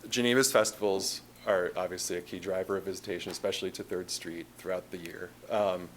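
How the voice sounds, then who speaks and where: A man's voice: sits low, steady tone, brisk, a little hiss or hum. A man with a Chicago accent presenting a tourism marketing plan to a city council, casual and conversational with frequent fillers and restarts. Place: council meeting chamber.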